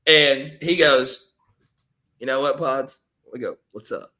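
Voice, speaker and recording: A man's voice: mid-range voice, takes it slowly, sharp tone. A man, joking around in casual podcast banter. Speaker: podcast co-host. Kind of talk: casual chat.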